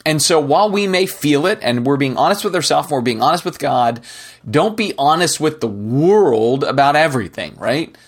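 This middle-aged podcast host's voice is on the high side, with lively intonation and an ordinary speed. In an earnest, conversational monologue of Christian teaching, he frequently ends a point with "right?".

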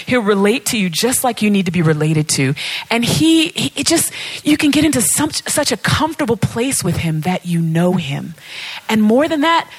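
A woman with a husky, slightly breathy voice delivers a sermon. She preaches in an animated, playful way and acts out back-and-forth conversations with God. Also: mid-range voice.

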